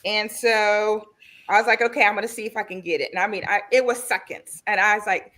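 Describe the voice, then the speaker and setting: A woman gardener in a casual chat, telling an excited story. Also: medium pitch, fairly quick.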